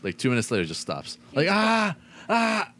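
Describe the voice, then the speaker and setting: Deep-voiced young man, dry jokes. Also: big pitch swings, rapid-fire, heavy background noise. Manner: dry joking, storytelling. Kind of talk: casual chat.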